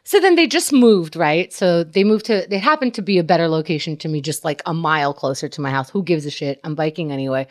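Woman comedian, lively swooping pitch, laughing storyteller who curses freely. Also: fast talker, hardly any pauses. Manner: animated storytelling, frequent laughter, swearing. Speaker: comedian, podcast host. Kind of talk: casual comedic chat.

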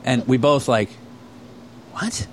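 A man in casual chat, telling stories with lots of swearing and mimicking a friend in a higher voice. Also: brisk, a little hiss or hum.

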